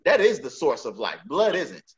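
A man co-hosting a podcast in casual banter, an animated storyteller who laughs a lot and acts out the lines he quotes. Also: fairly high pitch, moderate pace. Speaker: podcast co-host. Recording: dull lo-fi sound.

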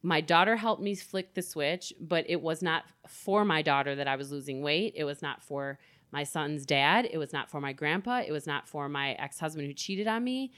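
Low-voiced woman talking candidly. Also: moderate pace, a bit bright, no room sound. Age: middle-aged. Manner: candid, open, swearing freely. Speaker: interview guest. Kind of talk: candid personal interview.

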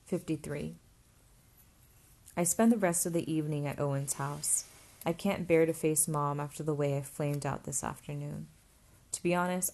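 Low-voiced woman narrating an audiobook. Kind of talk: first-person audiobook narration.

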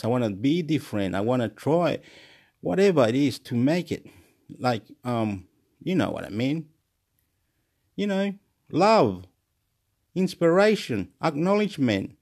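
A man's voice: medium pitch, darkish tone. Rambling, repetitive man vlogging. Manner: rambling, repetitive, laughs often. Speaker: YouTuber. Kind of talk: rambling monologue vlog.

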